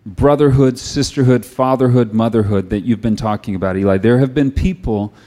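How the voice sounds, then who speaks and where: A middle-aged man preaching a sermon. He tells stories in a conversational way and moves into quiet, earnest prayer. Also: medium pitch, fairly quick.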